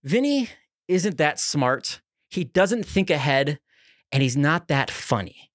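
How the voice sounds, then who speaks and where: A young man co-hosting a podcast, telling a comedic story and acting out the quotes with loud, animated voices. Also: takes it slowly, dry recording, studio quality. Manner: animated, acts out quotes with big pitch jumps and shouts. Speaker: podcast co-host.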